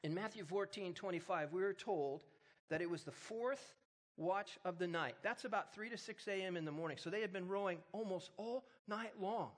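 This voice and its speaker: Man pastor, high voice, sermon delivery, humorous storyteller who turns emphatic. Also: normal speed.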